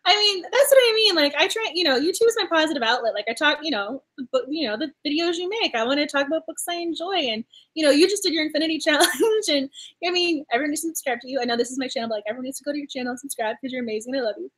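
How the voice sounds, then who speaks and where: Woman, young adult, book club host, very high voice, rapid effusive gushing talk, frequent laughter. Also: fairly bright tone. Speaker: booktuber host. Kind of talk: casual book club chat.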